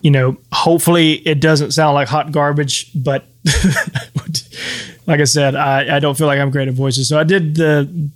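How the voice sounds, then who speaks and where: This man's voice sits a little high, with fairly even intonation and a measured pace. He co-hosts a podcast and runs the game as its master, chatting in an easygoing, meandering style full of restarts and laughter.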